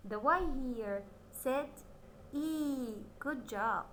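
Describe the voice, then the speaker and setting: A woman teaching a children's phonics lesson. She models each word slowly and drawn out, then praises with cheerful words. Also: sits high, lively intonation, pushed and bright, a little hiss or hum, low-quality recording.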